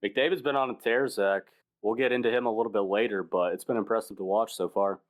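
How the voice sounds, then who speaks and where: A man's voice: lowish voice, quick pace. A man co-hosting a sports podcast, leading segments in an upbeat, playful, casual way.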